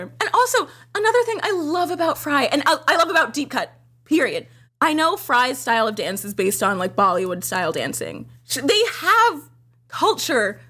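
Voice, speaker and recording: Young woman, slightly high voice, excitable, gushing, swears a lot, casual commentary. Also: slightly rough. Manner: gushing and excitable, frequent swearing, jumps to squealing highs. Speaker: video creator giving director's commentary.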